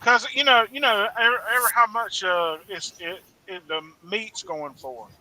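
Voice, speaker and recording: Bright, high-voiced man, halting. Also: poor audio. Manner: halting, plain-spoken. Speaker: hog farmer guest. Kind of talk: casual chat.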